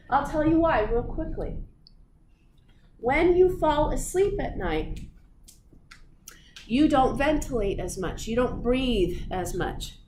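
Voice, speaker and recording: Female lecturer, playful and teasing with the class, measured slow delivery, room recording with background noise. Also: on the high side. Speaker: physiology lecturer.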